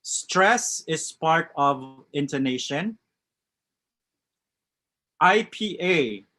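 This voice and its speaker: A man's voice: a little high, animated, drawn-out words, sharp tone, soft background music. A man with a West Coast American accent teaching a live online English class, reading out chat answers and commenting on them.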